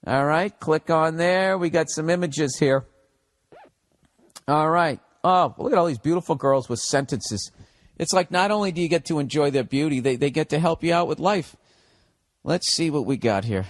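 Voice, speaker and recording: This middle-aged Bostonian podcast host, whose voice sits a little high, rants alone in a comedic, sarcastic, foul-mouthed way and fields his own questions. The recording is dry with a clean studio sound.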